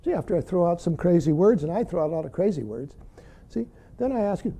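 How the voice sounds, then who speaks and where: A man gives a dharma talk as a Zen teacher, his voice dark and very mellow. He talks in a lively, swooping way, chuckling and pushing each point home with a steady "see". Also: sits high, quick pace, vocal fry. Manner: emphatic, keeps saying "see", chuckles often.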